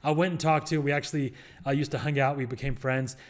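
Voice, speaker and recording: Fast-talking man rambling through advice. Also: mid-range voice, fairly even intonation. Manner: rambling, joking, many fillers and restarts. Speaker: real estate investor and show host. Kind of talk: casual advice monologue.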